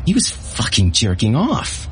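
A deep-voiced man voicing a giddy, gory young woman sidekick who squeals in a high, sing-song voice. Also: huge pitch swings, unhurried, a bit bright, slight background noise. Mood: frantic glee.

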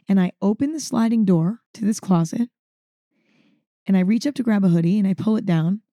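A woman's voice: mid-range voice, brisk, no echo, clean studio sound. A woman hosting a podcast, telling a story in a casual, chatty way and saying "like" often. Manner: chatty, says "like" often, animated. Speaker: podcast host.

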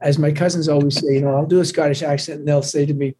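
A man's voice: on the high side, fairly even intonation, quick pace, warm tone, a little hiss or hum. A man chatting as a guest in a friendly interview over the phone, often restarting his sentences. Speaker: musician guest. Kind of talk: casual phone interview chat. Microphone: phone call.

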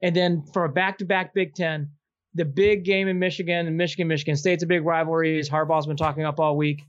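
A man's voice: on the high side, fairly even intonation, fairly quick, no echo, dull audio. A man hosting a sports betting picks segment, teasing his co-host with playful, fan-boyish chatter. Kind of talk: casual sports betting banter.

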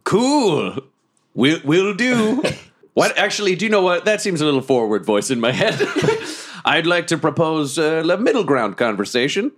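A man's voice: a little high, very animated, a little slow. A man playing a tabletop game, rambling and playful. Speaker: player.

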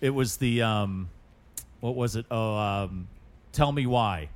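A man's voice: on the low side, slow. A man co-hosting a podcast, talking casually about music in a laid-back way, full of fillers. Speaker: podcast co-host.

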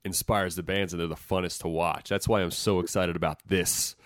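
A man hosting a podcast, chatting excitedly like a fan about concert recordings. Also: deep voice, a little fast, no echo, clean studio sound. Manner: excited fan talk, listing bands. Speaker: podcast host. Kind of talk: casual podcast interview.

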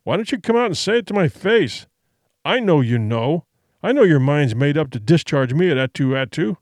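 This is a resentful, hoarse old-school sea captain, put on by a male narrator. He is loud and accusing, with a snarl and a lively, uneven pitch. The recording is dry and close, like an audiobook. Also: moderate pace, dry recording, lightly acted. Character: hoarse, drunken, resentful ship captain, man.

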